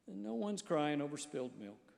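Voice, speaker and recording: A man voicing a gentle homeless man who speaks softly and reassuringly. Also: a little high, very animated, normal speed, gravelly, exaggerated voice. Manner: soft, reassuring. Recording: long church reverb.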